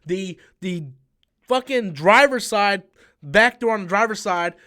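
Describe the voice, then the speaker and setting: Young male vlogger, high-pitched, casual and swearing, restarts his sentences often; storytelling rant. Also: lively intonation, unhurried, pushed and bright. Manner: profane, rambling, with frequent restarts. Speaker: YouTube channel host.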